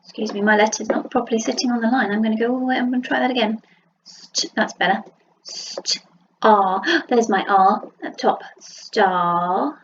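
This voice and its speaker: A woman with a Southern English accent teaching a phonics lesson to young children, sounding out letters slowly and praising them. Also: fairly high pitch, steady tone, highs cut off, noisy background. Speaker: primary school teacher. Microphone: computer mic while writing with a mouse.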